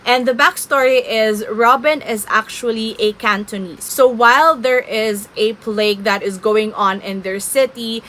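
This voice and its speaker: A young woman from the Philippines chats to camera in a casual book vlog. Her voice is bright and clear, and she talks in an open, gushing, emotional way. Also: on the high side, measured pace, few pauses. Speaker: book vlogger.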